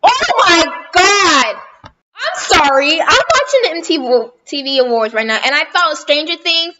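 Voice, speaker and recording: A woman's voice: sits high, sing-song, brisk, muffled recording, very noisy. A woman telling a rambling storytime on her vlog, chatting casually and often correcting herself. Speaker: vlogger.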